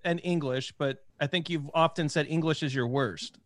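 A man's voice: a little high, normal speed, a little hiss or hum. A man hosting a podcast interview, enthusiastic and rambling, restarting his sentences as he thinks aloud. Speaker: podcast host. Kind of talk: casual interview.

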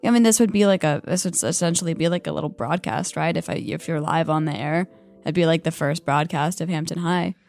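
With a low, gravelly voice and a darkish tone, this young college radio DJ talks casually at a studio microphone. Her speech is halting and full of fillers and likes.

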